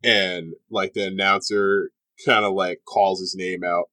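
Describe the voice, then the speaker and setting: A young man runs a tabletop game in a casual, rambling way, piling up fillers as he goes. His voice sits low. The sound is dry and close. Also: level tone, unhurried, hardly any pauses, sharp tone, no echo. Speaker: game master.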